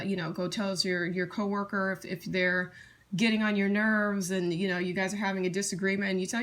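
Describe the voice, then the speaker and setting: A woman teaching tarot in a casual, blunt, chatty way, often restarting her sentences and slipping into quick acted-out scenes. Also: lowish voice, fairly bright tone. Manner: blunt, chatty, acts out scenarios in quick asides; frequent fillers and restarts.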